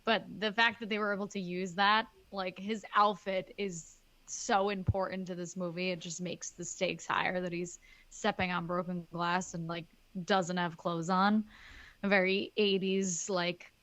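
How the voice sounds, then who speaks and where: A woman's voice: on the low side, level tone, measured pace, fairly bright tone. A woman co-hosting a film podcast in casual chat, playful with laughing asides. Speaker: podcast co-host.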